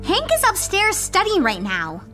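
A woman voicing a caring teen girl who speaks gently and soothingly. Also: very high-pitched, wildly swooping pitch, moderate pace, music in the background, exaggerated voice. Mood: gentle.

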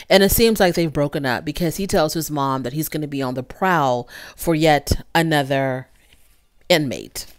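A woman casually recapping a reality TV episode, acting out the quotes with big jumps in pitch. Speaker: TV recap host.

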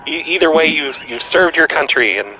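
Deadpan astronaut calling from space, played by a man, slightly high voice, dull lo-fi phone line. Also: fairly quick, a crowd in the background, lightly acted. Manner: deadpan, absurd straight-faced claims. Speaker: prank caller.

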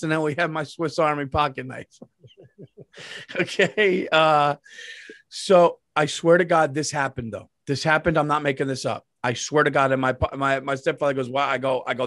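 A man's voice: fairly high pitch, steady tone, normal speed, a bit bright, dry recording, studio quality. A man hosting a podcast, telling a comedic story with profanity and acted-out quotes. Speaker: podcast host.

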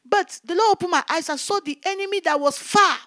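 A woman's voice: extremely high pitch, fairly quick, sharp tone, no room sound, studio quality. A woman evangelist giving a fervent testimony sermon, repeating her exclamations of praise.

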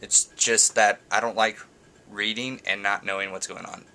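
A young man with a fairly low, level voice, vocal fry, and a sharp tone chats casually at normal speed in a home video blog. As a vlogger, he rambles, restarting sentences and letting out little laughs.

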